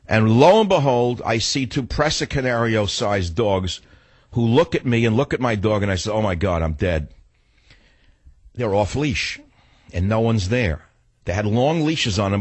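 Husky ranting New man. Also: mid-range voice, no echo. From New York. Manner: blunt, ranting, digressive. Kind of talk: opinionated storytelling monologue.

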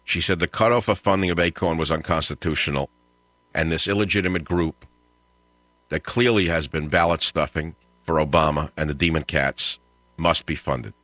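Deep voiced guy hosting talk radio, mocking and combative, dry close mic. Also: fairly even intonation, moderate pace, fairly bright tone, dry recording, faint music behind. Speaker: radio talk show host. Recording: slightly dull lo-fi broadcast audio.

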